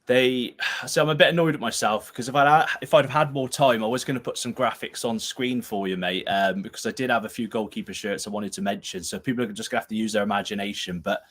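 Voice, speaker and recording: A man's voice: on the low side, fairly even intonation, fast, hardly any pauses, fairly bright tone. A man hosting a casual live-stream chat on a video call. He talks in a rambling way and laughs often. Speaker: show host. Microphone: camera used as webcam.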